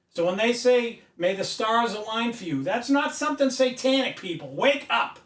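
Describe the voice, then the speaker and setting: A man giving an emphatic, preachy lecture at a whiteboard, recorded by a camera mic from a distance in an indoor room. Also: fairly high pitch. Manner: emphatic, preachy, rising to loud insistence. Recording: echoey room, mic far off.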